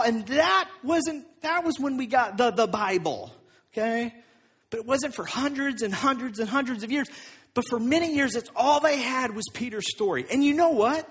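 High, husky-voiced preacher. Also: male voice, lively intonation, normal speed, fairly bright tone. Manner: conversational, with asides and restarts. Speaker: pastor. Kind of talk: sermon.

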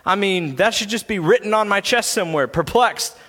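Man, pastor, sermon, high voice, bright tone, church sanctuary. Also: lively intonation, brisk. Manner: earnest, builds to impassioned preaching. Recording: long church reverb.

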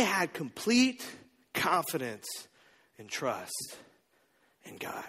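Pastor, male, 30s: high, lively sermon voice that acts out the story, recorded in a hall with a long echo. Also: normal speed. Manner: animated storytelling, acting out the disciples' voices.

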